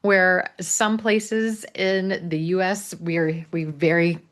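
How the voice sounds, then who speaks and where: A man with a Missouri accent teaching English pronunciation in a live online class, modeling phrases slowly for learners to repeat. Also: high voice, level tone, fairly bright tone, clear, resonant tone. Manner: slow, drawn-out model phrases. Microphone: video call.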